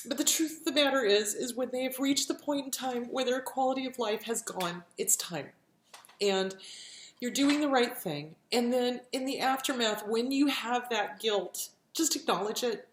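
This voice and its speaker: A woman's voice: high-pitched, normal speed, reverberant. A woman giving earnest, reassuring advice in a casual, heartfelt way, repeating phrases for emphasis. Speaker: pet grief speaker.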